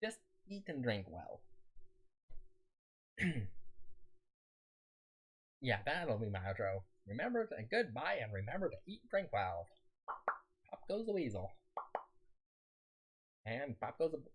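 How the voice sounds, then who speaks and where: Male game streamer, casual rambling chat, laughs a lot, lively swooping pitch, slightly scratchy throat. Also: measured pace, long pauses, husky. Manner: rambling, laughs often and talks on in a raised pitch.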